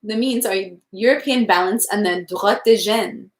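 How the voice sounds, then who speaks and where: A woman reading aloud as an earnest abbé, a grown man pressing his big idea with declaiming zeal. The voice sits at a middling pitch and carries a roomy echo. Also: unhurried, close to an everyday voice. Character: earnest idealistic male abbé, adult.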